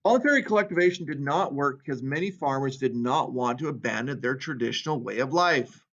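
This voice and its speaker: A man's voice: medium pitch, quick pace, a bit bright. A man teaching a history lesson in a casual way, reading out quotes and then commenting on them. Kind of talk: classroom history lecture. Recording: dull lo-fi recording.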